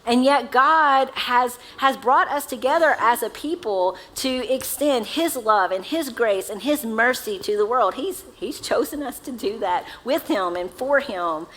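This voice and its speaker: A woman pastor with a Southern accent preaches in a church sanctuary, her voice on the high side and fairly bright. She's unhurried with few pauses, casual and conversational, asking the congregation questions. The recording quality is low.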